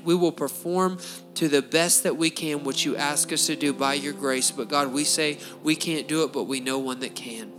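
Fervent man praying over soft music. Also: on the high side, moderate pace. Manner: fervent, pleading, repeats phrases. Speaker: pastor. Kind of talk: spoken prayer at a church service.

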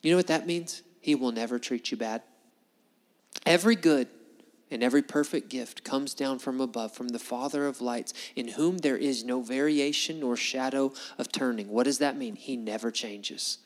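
A man preaching a sermon to a congregation, conversational and animated, full of rhetorical questions. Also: medium pitch, normal speed, in a large hall. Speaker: pastor. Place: church hall before a congregation.

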